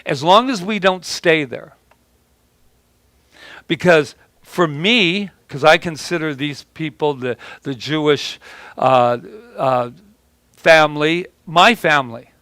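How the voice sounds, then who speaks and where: A male preacher delivers a rambling sermon, often doubling back on his words. His voice sits a little high for a man. The sound is dry and close, with no room echo. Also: slow, pushed and bright. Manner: rambling, with many restarts and repeated words. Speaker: pastor.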